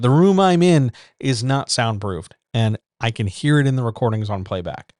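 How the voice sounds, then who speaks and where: A man's voice: fairly low pitch, darkish tone, no room sound, clean studio sound. A man hosting a casual writers' chat from a small home room, bluntly lecturing with rhetorical questions. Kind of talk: casual advice monologue. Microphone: decent USB-style desk microphone.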